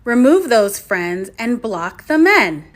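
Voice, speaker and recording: A woman's voice: fairly high pitch, big pitch swings, slow pace. A woman giving firm, list-like directives in a social media video.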